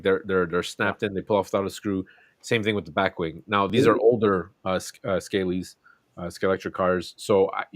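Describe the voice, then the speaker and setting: A man hosting a laid-back chat, rambling with plenty of ums and false starts. His voice sits a little low, and the recording is dry and close with no room sound. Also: no echo. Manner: rambling, lots of ums and restarts. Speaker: host. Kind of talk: casual chat.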